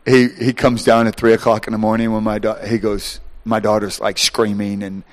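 A middle-aged man preaching a sermon, animated, shouting at times, acting out voices and laughing. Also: on the low side, moderate pace.

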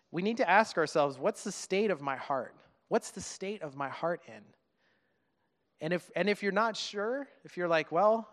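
Brief: man in his thirties, church preacher, higher-pitched voice, earnest and chatty, long hall reverb. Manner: earnest, conversational, halting with restarts and laughs. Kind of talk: sermon.

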